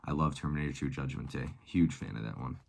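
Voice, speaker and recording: A man's voice: very deep voice, fast talker, vocal fry, darkish tone. A man in his thirties, chatting casually and enthusiastically about favorite movies, rambling with fillers. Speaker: movie collector vlogger. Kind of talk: casual chat.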